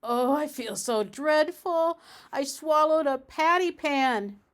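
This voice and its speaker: A woman's voice: lively intonation, a little slow. A woman doing a fretful, dramatic lady dog. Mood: anxious, wailing. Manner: high, anxious, wailing.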